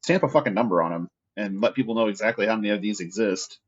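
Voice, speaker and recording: A man's voice: on the low side, slightly rough. A man co-hosting a podcast, chatting bluntly and swearing casually. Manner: blunt, profane, quick. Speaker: podcast co-host. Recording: dull lo-fi remote mic.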